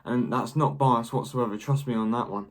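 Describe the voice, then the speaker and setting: A young man giving quick, blunt, jokey verdicts in a casual vlog, ranking football shirts as the channel host. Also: medium pitch, fairly even intonation.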